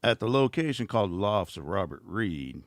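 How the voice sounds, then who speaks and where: Man, deep low voice, sarcastic rambling host, dry close sound. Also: big pitch swings, moderate pace, dry recording, soft background music. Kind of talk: casual livestream rant.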